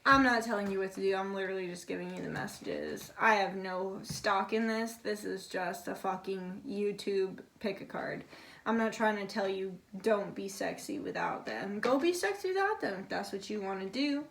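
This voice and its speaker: A woman's voice: medium pitch, normal speed, fairly bright tone. A young woman giving a casual tarot reading, relaying messages in a chatty, confiding way and swearing now and then. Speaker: tarot reader.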